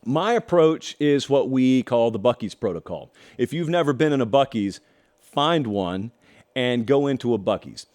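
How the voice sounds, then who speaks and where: He's a middle-aged host from the American South, giving folksy, opinionated commentary, elongating words for emphasis and tossing in wry asides. His voice is medium-pitched, expressive and darkish, moving at a moderate pace.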